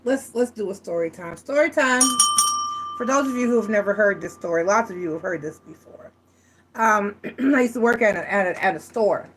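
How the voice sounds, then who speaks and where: A woman gives a tarot reading in a casual, chatty way. She talks frankly and often restarts her sentences. Her voice sits a little high. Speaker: tarot reader.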